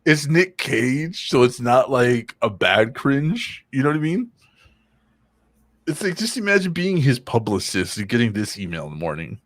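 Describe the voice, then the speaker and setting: A man co-hosting a casual podcast, joking around in an animated, profane way. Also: mid-range voice, normal speed, dry recording. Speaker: podcast co-host. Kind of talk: casual chat.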